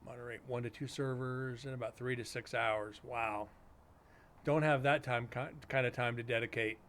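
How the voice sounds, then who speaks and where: A male streamer talking casually to his chat, blunt and sarcastic, cursing often. His voice sits at an ordinary middle pitch for a man. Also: fairly even intonation, moderate pace, fairly bright tone, slight background noise. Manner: blunt, sarcastic, swears freely.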